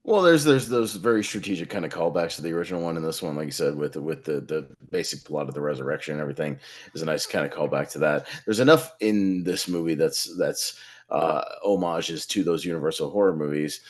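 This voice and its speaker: A man chatting casually about a movie, enthusiastic and measured, with some filler words. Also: very deep voice. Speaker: podcast co-host.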